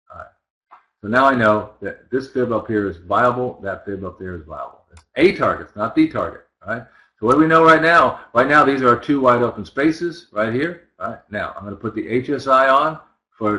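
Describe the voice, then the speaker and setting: A man's voice: medium pitch, pushed and bright, low-quality recording. Man walking through trading charts. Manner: conversational, talks while working, asks listeners rhetorical checks. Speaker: trading instructor. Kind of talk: live chart walkthrough.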